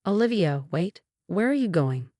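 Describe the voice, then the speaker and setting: Brief: chattering warm-hearted aunt, read by a woman, low, dry sound. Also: expressive, moderate pace, no room sound, close to an everyday voice. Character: chatty, kindly middle-aged aunt.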